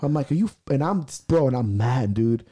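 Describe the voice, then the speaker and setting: A man's voice: medium pitch, lively intonation, a little fast, no echo. A man telling a personal story in a casual podcast conversation, intense and profane, acting out the angry things he said to himself. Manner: intense, profane storytelling, acting out his own shouted self-talk. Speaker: strongman athlete and podcast guest.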